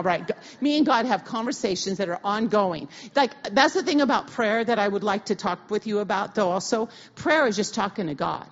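A middle-aged woman pastor giving a conversational sermon, telling a personal story in a lively, casual way with slang and restarts. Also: medium pitch, brisk, few pauses. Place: church sanctuary. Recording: dull, lo-fi audio of a church talk.

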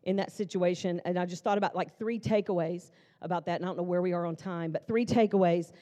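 A woman pastor in her fifties preaches a conference sermon in a mellow, warm voice. She tells her story in a chatty, lively way, full of asides to the crowd. Her voice carries the long reverb of a big church hall. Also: fairly low pitch, quick pace. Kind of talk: conference sermon with personal testimony.

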